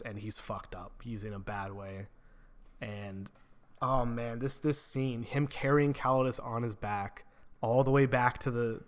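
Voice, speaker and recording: A man of middling pitch talks through a book's ending in a loose, unscripted way. He swears freely and leans on "like" and "you know" as he retells the story. His delivery is that of an excited reader, not a polished presenter. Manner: casual, swears freely, many filler "like"s. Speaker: book reviewer. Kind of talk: casual spoken book review.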